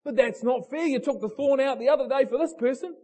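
A man's voice: very high-pitched, fairly quick, mellow, pitched above the performer's own voice. Man putting on a whiny, desperate pleading man. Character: desperate pleading grown man begging God.

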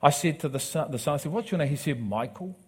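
A man preaching a sermon, telling a personal story with acted quotes and building to loud, emphatic preaching. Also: on the high side, expressive, fast talker, husky.

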